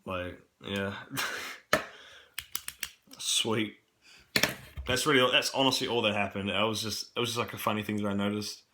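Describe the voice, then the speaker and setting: A man's voice: on the low side, steady tone, moderate pace, long pauses, bright, forceful tone, slight background noise. A young man with a New Zealand accent, rambling casually and swearing often in a vlog, with a cough from a cold. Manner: rambling, swears a lot, many fillers. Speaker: camp worker vlogging.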